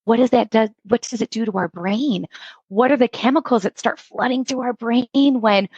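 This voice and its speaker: Middle-aged woman coach chatting on a podcast, animated storyteller, dry close mic. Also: a little high, moderate pace, slightly rough, dry recording, lo-fi sound. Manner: animated storytelling, acts out quoted dialogue. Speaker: instructional coach, guest. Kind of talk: podcast interview.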